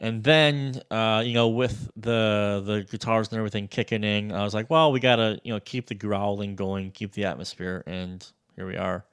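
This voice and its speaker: A man demoing a sample library in a casual, excitable walkthrough, loose and swearing freely. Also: fairly low pitch, moderate pace, few pauses, clean tone. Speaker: music producer reviewing a sample library.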